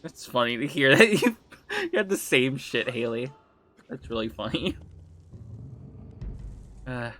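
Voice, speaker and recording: A woman's voice: rumbling low, lively intonation, a little slow, pauses often, fairly bright tone. A woman streaming a game, chatting casually with her chat, laughing often and swearing freely. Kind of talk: casual game livestream commentary, reading chat.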